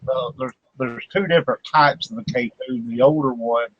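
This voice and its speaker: This man explains things at an easy, wandering pace with an ordinary pitch. The recording is dry and close. The sound is dull and lo-fi. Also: normal speed, slightly rough, dry recording. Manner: explains in a relaxed, meandering way. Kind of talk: casual chat.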